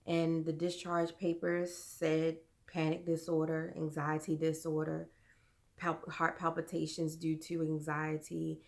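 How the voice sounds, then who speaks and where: A young adult woman vlogger earnestly telling a personal story, halting and full of fillers. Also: low-pitched, monotone, gravelly, a little mellow.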